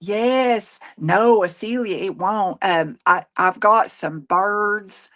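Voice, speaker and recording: A woman's voice: mid-range voice, slow pace, a bit bright. A woman, chatting casually and folksily while she crafts, rambling and laughing often. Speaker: craft show host; nurse.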